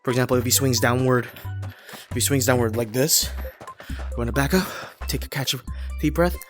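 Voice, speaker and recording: A man casually explaining moves while playing a game, a bit out of breath, chatty and quick to laugh. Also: medium pitch, faint music behind. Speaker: VR gameplay creator. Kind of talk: casual gameplay tutorial.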